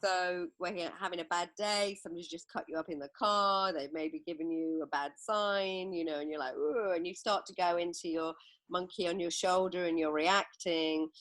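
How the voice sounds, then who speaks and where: Middle-aged woman from England, author guest, lowish dry voice, anecdotal. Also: steady tone, normal speed, fairly bright tone, no echo. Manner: reflective, anecdotal storytelling. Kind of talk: podcast interview.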